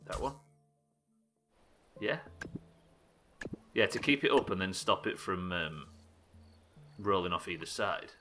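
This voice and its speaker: Young man, live game streamer, fairly low voice, lively swings in pitch, sweary, self-mocking banter with chat. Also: slow pace, long pauses, soft background music. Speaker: streamer playing a building game. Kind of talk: live gameplay commentary chatting with viewers.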